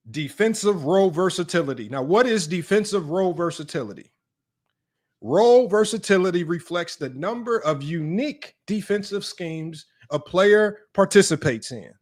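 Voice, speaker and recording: High-voiced blunt sports stream host. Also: male voice. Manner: blunt, sarcastic, addresses viewers directly as y'all. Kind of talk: live-streamed sports analysis, reading stats aloud.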